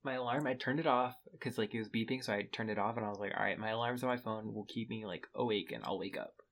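A man's voice: lowish voice, fast talker, fairly bright tone. A young man co-hosting a podcast, telling stories casually and laughing things off. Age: young adult. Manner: laid-back, laughs things off. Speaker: podcast co-host. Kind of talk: casual chat.

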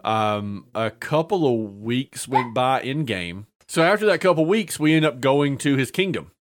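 A man's voice: medium pitch, expressive, measured pace. A man casually telling a funny tabletop-game story, padding it with filler sounds and breaking into laughter.

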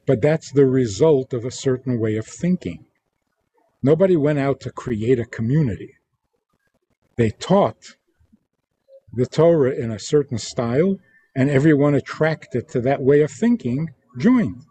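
A man who is a religious teacher, answering interview questions in a deliberate way and acting out quoted lines in different tones. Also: mid-range voice, lively intonation, mellow, a little hiss or hum. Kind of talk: interview guest explaining teachings.

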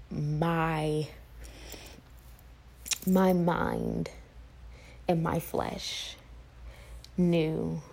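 A young woman telling a personal story to her viewers, halting with many fillers and restarts. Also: deep voice, rough recording. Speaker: vlogger.

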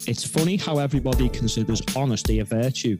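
A man's voice: mid-range voice, fast, over music. A man joining a chat show by video call, giving blunt, opinionated remarks. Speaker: panelist. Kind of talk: casual chat.

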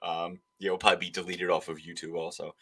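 A man's voice: low voice, flat delivery, fast talker, a bit bright, breathy edge. A man hosting a political podcast who rants emphatically and slips into mocking voices. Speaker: podcast host. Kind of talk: opinionated political podcast talk.

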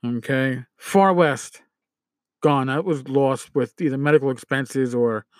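A man's voice: medium pitch, unhurried, no echo. A man hosting a casual podcast, ranting with swearing, fillers and restarts. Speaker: podcast host. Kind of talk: casual solo podcast commentary.

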